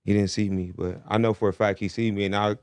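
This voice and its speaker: A man talking quickly at a medium pitch, telling a story as a podcast guest. His sound is dry and close. He keeps checking in with "you feel me" as he goes. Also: clear, resonant tone, dry recording. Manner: fast, animated storytelling full of "you feel me". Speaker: rapper guest.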